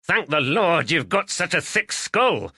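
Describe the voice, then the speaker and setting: A man's voice: mid-range voice, lively intonation, a little slow, bright, forceful tone, no room sound, pitched above the performer's own voice. A man voicing a wry middle-aged farmer with a dry, mocking manner.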